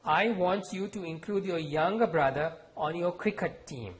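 A man's voice: sits high, normal speed, pitched above the performer's own voice, natural voice. A man reading aloud, voicing a mother who gives firm, clipped orders. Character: firm mother, brisk and uneasy.

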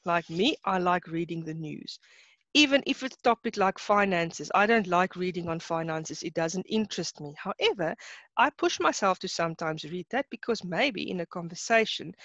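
A woman's voice: fairly low pitch, animated, normal speed, fairly bright tone, no room sound, highs cut off. Chatty South African woman teacher. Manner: chatty, laughs often, mixes in Afrikaans words. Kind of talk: online class lesson.

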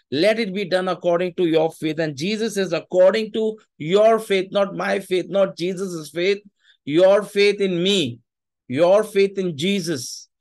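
A man preaching a sermon, emphatic and repeating his phrases, with Hindi asides. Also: high voice.

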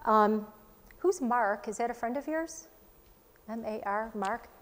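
A woman's voice: fairly high pitch, a bit bright. A woman working as a psychic medium, chattily giving live readings to a studio audience. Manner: chatty, quick, relaying messages in asides. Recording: long reverb in a studio hall.

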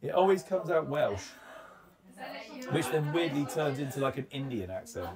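A man's voice: a little high, sing-song, normal speed, a loud crowd. A man chatting casually and jokingly in a barbershop chair, rambling a little. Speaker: barbershop client. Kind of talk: casual chat.

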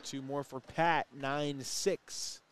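A man's voice: mid-range voice, fairly even intonation, a bit bright, clean tone. A man doing casual, joking commentary on a cornhole match while he has the hiccups. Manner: chatty, joking, quick asides about the play. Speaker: play-by-play commentator.

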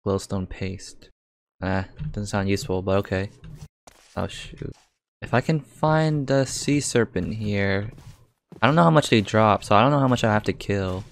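A young man narrating his own gameplay, thinking aloud, reacting often with exclamations and swearing. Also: on the low side. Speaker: gaming YouTuber. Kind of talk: live game commentary.

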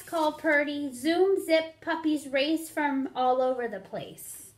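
A woman reading a picture book aloud to children, pausing to count along and ask them questions. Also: high voice, slight background noise. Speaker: storyteller for children.

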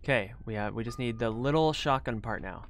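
A man's voice: medium pitch, a little fast, slight background noise. A young man streaming a horror game, talking himself through it and breaking into frightened yelps. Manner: muttering to himself, swinging to loud frightened yelps. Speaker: gaming streamer. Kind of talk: live gameplay commentary.

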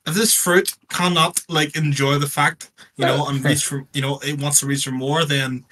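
A man's voice: on the high side, flat delivery, moderate pace, bright, forceful tone, a little hiss or hum, poor audio. A man with an Irish accent, co-hosting a casual livestream chat with joking, teasing banter. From Ireland. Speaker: podcast co-host.

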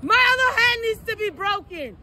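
A woman from the United States, a comedian rambling nervously backstage in a loud, shrieky, manic way, screaming at times. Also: very high-pitched, animated, moderate pace, a loud crowd. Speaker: comedian and performer. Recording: noisy background.

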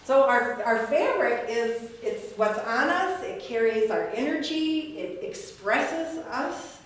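A woman with a fairly high voice gives a casual gallery talk, reflective and rambling, laughing often. She is heard from a distance. The room is very echoey. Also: expressive, slow pace. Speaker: weaving artist giving a talk.

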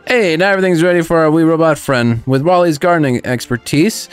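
A man's voice: a little high, a little fast, clean tone, faint music behind, close to an everyday voice. A man reading the lines of a rich old duck who runs a building firm in a video game. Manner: reading game dialogue aloud.

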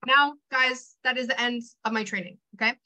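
A young woman with a high, bright voice gives a motivational training to her team. She talks in an energetic, chatty way, full of fillers and quick asides, and she rallies her listeners directly. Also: poor audio.

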